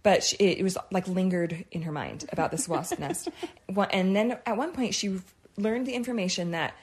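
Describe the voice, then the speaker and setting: A woman's voice: mid-range voice, normal speed, breathy edge. A woman in her thirties co-hosting a podcast, telling a story in a casual chat and laughing along. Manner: chatty, laughs while telling stories. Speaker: podcast co-host.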